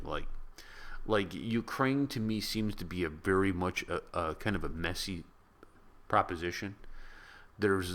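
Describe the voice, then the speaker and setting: A man's voice: low voice, fairly bright tone. An American man giving a casual, rambling movie review, chatty and laughing at his own stories. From United States.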